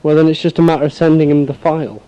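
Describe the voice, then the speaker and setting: A man's voice: fairly high pitch, steady tone, rapid-fire, dark tone, highs cut off. A young man from England co-hosting a casual podcast, chatting eagerly about music and gigs. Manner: eager, enthusiastic. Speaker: podcast co-host. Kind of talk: casual chat.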